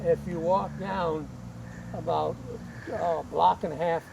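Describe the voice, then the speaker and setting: A man with a gravelly, creaky voice gives directions outside by a river, stopping and restarting his sentences. Clear outdoor noise runs under his voice. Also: fairly high pitch, steady tone, takes it slowly. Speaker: passerby giving directions. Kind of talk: casual chat.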